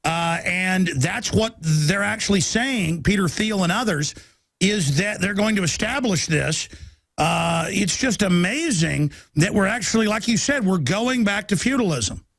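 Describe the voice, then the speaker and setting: A man hosting a talk show interview, talking in halting bursts with stammering restarts. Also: high voice, lively intonation, creaky, a bit bright, no room sound.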